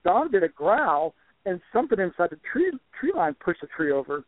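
An older man telling a long story as a guest on a talk show, animated and often restarting his words. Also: high-pitched, a little fast, no room sound. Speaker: guest researcher. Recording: tinny dry phone line.

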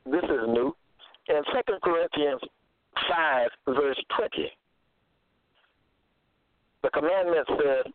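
A man preaching scripture in a slow, deliberate way, repeating phrases and checking in with "okay?". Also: fairly high pitch, big pitch swings, no room sound. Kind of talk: scripture teaching monologue. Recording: tinny phone-line sound, dry.

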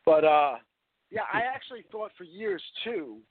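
A man's voice: high-pitched, lively intonation, moderate pace, no room sound. A man co-hosting a podcast in casual chat, rambling with lots of fillers and the odd swear. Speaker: podcast co-host. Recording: dry, phone-like lo-fi audio.

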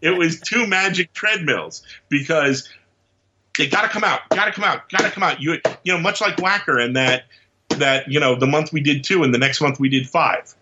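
Male podcast guest, a lively storyteller with a bright, forceful, fairly high voice, on dull lo-fi audio. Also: normal speed, slight background noise. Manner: lively storyteller who acts out quotes and laughs often. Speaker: podcast guest, comics writer. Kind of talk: animated anecdote-telling in casual chat.

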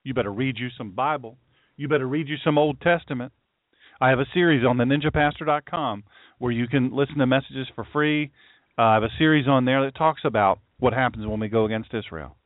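A man's voice: mid-range voice, fairly quick, dry recording. A man preaching a sermon as a pastor, stressing his warnings and reading scripture aloud. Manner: emphatic, repeats warnings and scripture. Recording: tinny phone-like dry sound.

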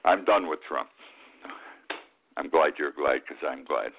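A man hosting a radio talk show, giving opinionated commentary and jumping up in pitch on the words he stresses. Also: measured pace, vocal fry, a little hiss or hum. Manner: emphatic, rises sharply on key words. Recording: tinny phone-like radio sound.

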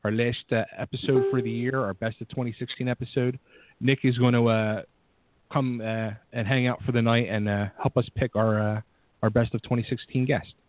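A man with a Philadelphia accent hosts a casual radio show, upbeat and stumbling over plenty of fillers. His voice has an average pitch. It comes through a tinny phone line with a dry, close sound. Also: little pitch movement, fairly quick, no echo. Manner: upbeat, hesitant with many fillers.

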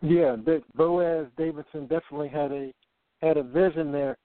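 A man's voice: on the high side, fairly even intonation, normal speed, no echo. A man hosting a call-in interview show, easygoing, asking a guest questions. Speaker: radio show host. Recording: dry tinny phone line.

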